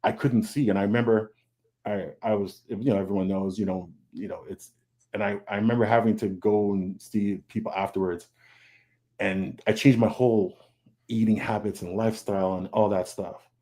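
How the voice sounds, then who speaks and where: Over a video call mic, a man who draws comic books chats in a relaxed, candid panel. His voice is fairly low, warm, and steady at a moderate pace, and he comes across as earnest, frequently restarting, repeating words, and voicing his thoughts as little performances.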